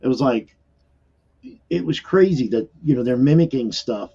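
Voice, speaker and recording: Husky, mellow-voiced man rambling. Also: mid-range voice, animated, moderate pace, highs cut off. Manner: rambling, emphatic storytelling. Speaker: podcast co-host. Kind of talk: casual group chat.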